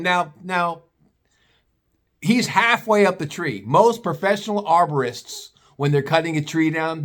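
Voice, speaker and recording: A man telling a funny story in a casual, animated way, mocking the people in it and swearing freely. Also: sits high.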